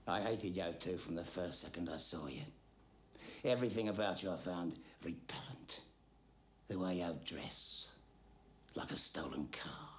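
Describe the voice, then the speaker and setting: Brief: an icy, vengeful rich man, deep and deliberate, for an 80s British film. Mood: cold disdain. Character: cold vengeful wealthy man, coolly contemptuous. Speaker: film character. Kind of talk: 1980s British film drama acting.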